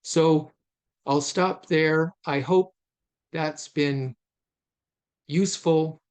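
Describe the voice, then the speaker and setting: A man giving an informal recorded lecture on poetry over slides, thoughtful, with frequent fillers and restarts, slowing down to stress syllables. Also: on the high side, fairly even intonation, clear, resonant tone. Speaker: literature lecturer.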